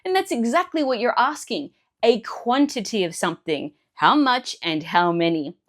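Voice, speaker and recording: Woman, language teacher, fairly high voice, very lively pitch, clear step-by-step explaining, scripted lesson. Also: normal speed.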